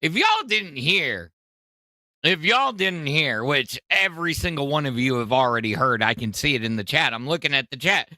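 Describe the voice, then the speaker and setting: A man talking on a live stream, addressing the chat quickly with loud exclamations. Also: fairly high pitch, animated, no echo. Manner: fast, exclaiming, talks to chat. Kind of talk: casual live-stream talk.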